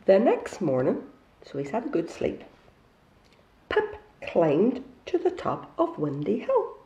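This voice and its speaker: A woman's voice: mid-range voice, wildly swooping pitch, takes it slowly, mellow. A woman, reading a picture book aloud to children in a bookshop and coaxing them with questions. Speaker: storytime reader. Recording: echoey room, dull lo-fi sound.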